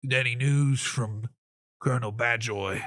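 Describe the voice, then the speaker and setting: A man voicing a huge, burly furbolg rebel sergeant who speaks bluntly and gruffly. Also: medium pitch, a little slow, fairly bright tone.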